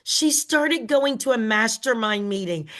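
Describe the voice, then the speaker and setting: Slow, bright-voiced woman team leader. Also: a little high, animated. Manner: emphatic, emotional, slow and deliberate. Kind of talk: motivational talk.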